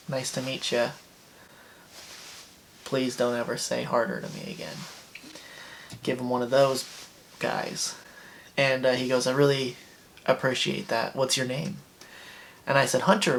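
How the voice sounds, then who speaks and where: A young man hosting a comedy show, telling a dating story in a dry, deadpan way. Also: mid-range voice, slight background noise. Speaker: comedian host.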